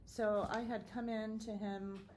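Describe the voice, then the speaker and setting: A woman's voice: mid-range voice, level tone, unhurried. A middle-aged woman nurse telling a work story in casual chat, cheerful and self-deprecating. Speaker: nurse and podcast co-host. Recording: faint background noise and ambience.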